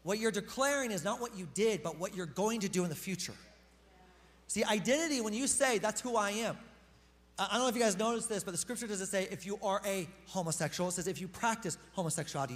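A man's voice: sits high, quick pace, a bit bright. A man preaching a sermon as pastor to his congregation, talking to them in a casual, emphatic way. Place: church hall. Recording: long reverb of a hall.

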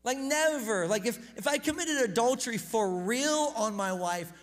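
A pastor giving a casual, conversational sermon, energetic and self-deprecating, often repeating words as he gets going. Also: very high-pitched, normal speed. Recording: reverberant hall.

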